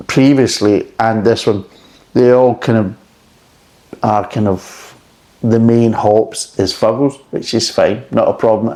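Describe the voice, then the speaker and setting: A man's voice: fairly low pitch, warm tone. A middle-aged man chatting casually and frankly as he reviews a beer, rambling between thoughts.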